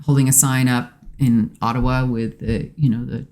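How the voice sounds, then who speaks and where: A woman's voice: a bass voice, moderate pace. A woman in casual conversation on a podcast, speaking earnestly and reflectively about relationships. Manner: earnest, reflective, quotes people in lively bursts. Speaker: podcast guest, host's wife.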